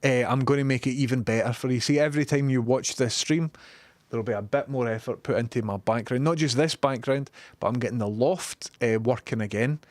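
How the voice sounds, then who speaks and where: A man's voice: mid-range voice, fairly quick, dry recording. A young Scottish man chatting casually on a live stream from his home studio, joking and reading out viewer messages. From Scotland.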